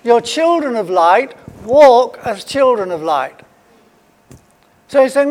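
A man delivers a sermon in a high voice at an unhurried, deliberate pace. He leans hard on his points and repeats key phrases. Long reverb trails every line, as in a large hall. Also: expressive, darkish tone. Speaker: preacher.

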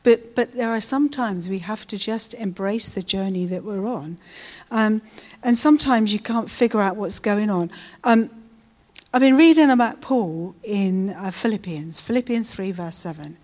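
A woman's voice: mid-range voice, normal speed, darkish tone. A middle-aged woman giving an informal, chatty sermon, often adding tag questions. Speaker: preacher.

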